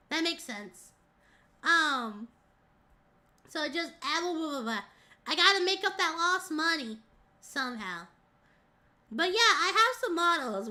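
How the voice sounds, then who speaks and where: A woman's voice: high-pitched, pushed and bright. A woman from the Southern United States, a VTuber streamer chatting casually in a slightly nasal, rambling, laugh-prone way. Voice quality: a little nasal. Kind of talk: casual chat.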